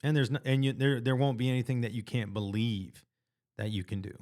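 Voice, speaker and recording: A man's voice: mid-range voice, level tone, fairly quick, a little mellow. A man vlogging about his weight-loss progress in an earnest, casual motivational monologue, full of slang and restarts.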